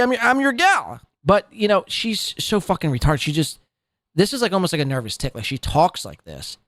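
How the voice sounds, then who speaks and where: A man's voice: a little high, dry recording, studio quality. A man hosting a podcast who rants in a profane, scornful, rambling way about people he covers. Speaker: podcast host. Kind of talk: ranting commentary.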